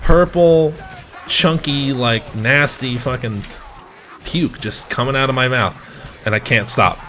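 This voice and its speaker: A man's voice: medium pitch, slow pace, pushed and bright. A young man casually telling a rambling, profane story while playing a video game, often breaking off to talk to the game. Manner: rambling, profane, laughing, talks to the game between story beats. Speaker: gaming streamer.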